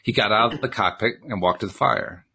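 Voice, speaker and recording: A man's voice: on the low side, fairly quick, vocal fry, pushed and bright, husky. A man casually reading a novel aloud, breaking in with chatty, joking asides. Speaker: audiobook reader.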